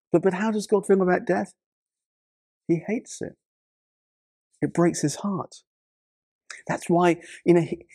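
A male pastor delivers a sermon in a gravelly, textured voice. The sound is dry and close, with no room around it. He often repeats words as he starts a thought, then rises into loud, dramatic bursts before dropping low again. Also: no room sound. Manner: repeats words when starting sentences, dramatic shifts in pitch and loudness.

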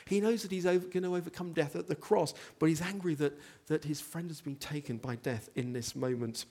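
A man's voice: fairly high pitch, fairly quick, a little mellow. A man preaching a sermon, telling a story with animation and asking the congregation questions. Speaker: pastor.

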